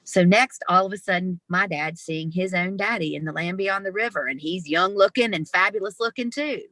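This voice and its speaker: A woman being interviewed over a video call, telling a personal story in a lively, expressive way. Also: lowish voice, normal speed, dry recording. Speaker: interview guest. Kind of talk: storytelling in conversation.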